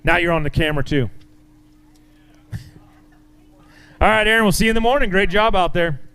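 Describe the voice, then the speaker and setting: A man's voice: sits high, normal speed, pushed and bright, clean tone. A man emceeing a fishing tournament weigh-in, announcing weights in an upbeat way and joking with the anglers.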